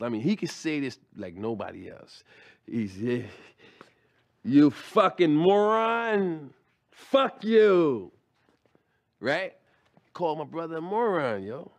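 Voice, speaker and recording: A middle-aged man tells a long stand-up story in loose, slangy talk. He restarts his sentences often and keeps a chatty rhythm. His voice sits at an ordinary male pitch. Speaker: stand-up comedian.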